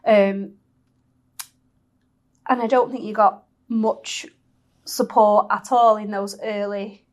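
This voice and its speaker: A woman's voice: medium pitch, steady tone, slow. A woman hosting a podcast interview, recapping her guest's story and asking tag questions. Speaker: podcast host. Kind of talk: interview conversation.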